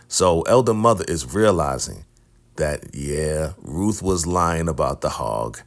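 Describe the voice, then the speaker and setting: A man's voice: extremely low pitch, slow pace, creaky. A middle-aged man casually recapping a TV episode, animatedly acting out characters' lines. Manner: animated, retells scenes by acting out quotes. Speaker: recap host.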